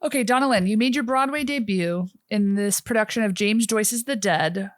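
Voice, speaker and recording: A woman hosting an interview, setting up her questions clearly and steadily. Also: mid-range voice, moderate pace, no echo, clean studio sound. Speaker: interview host.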